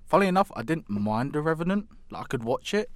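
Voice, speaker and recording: A man's voice: fairly high pitch, sing-song, fast, dry recording. A man co-hosting a podcast, chatting casually and rambling, swearing often and restarting his sentences. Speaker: podcast co-host. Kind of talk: casual chat.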